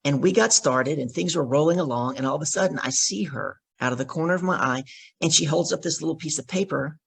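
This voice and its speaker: A middle-aged woman, a guest on a podcast, telling an animated story and acting out the dialogue in it. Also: deep voice, fast talker, vocal fry. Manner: acts out the dialogue in her stories. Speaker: podcast guest, professional speaker.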